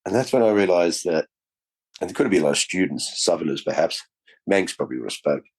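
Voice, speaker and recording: A man speaking as a podcast guest with a low, lively voice that swings widely in pitch. He tells stories in a loose, animated way and swears casually. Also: fast.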